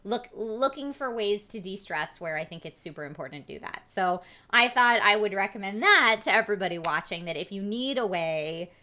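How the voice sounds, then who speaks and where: A woman's voice: mid-range voice, expressive, normal speed, hardly any pauses, sharp tone. A woman co-hosting a casual chat, talking frankly and with self-deprecating humor. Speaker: co-host.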